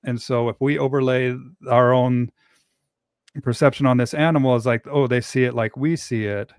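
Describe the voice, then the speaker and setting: A man's voice: medium pitch, fairly even intonation, normal speed, smooth, dry recording, clean studio sound. A man speaking reflectively in a casual podcast conversation, explaining his ideas thoughtfully.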